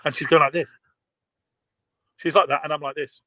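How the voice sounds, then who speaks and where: A man's voice: a little high, normal speed, no echo, poor audio. A man, animatedly telling a story over a video call. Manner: animated storyteller, laughs often. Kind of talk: casual video call chat.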